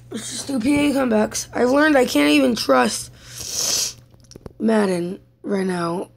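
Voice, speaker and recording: Her slightly high, creaky voice moves at a slow pace as this young gaming YouTuber talks casually over her mobile football game. Exasperated, she drops from whispered mutters into sudden yelps and shouts.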